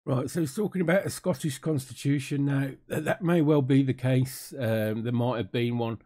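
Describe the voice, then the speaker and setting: A man's voice: medium pitch, fairly even intonation, normal speed, warm tone. A British man giving casual, sarcastic commentary on an interview, dry and mocking, with many fillers. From United Kingdom.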